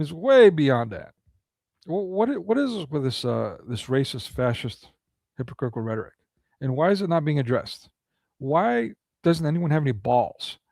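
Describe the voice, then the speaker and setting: A man's voice: fairly high pitch, vocal fry, a little mellow, no room sound. A man delivering a ranting monologue of political commentary, indignant and full of rhetorical questions.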